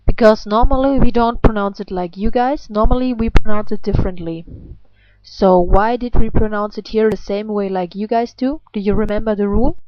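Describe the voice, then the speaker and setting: A woman's voice: mid-range voice, highs cut off. A woman with a German accent who is a native German speaker, teaching pronunciation in a video lesson in a patient way. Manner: patient, slow and exaggerated when modelling words. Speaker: language teacher.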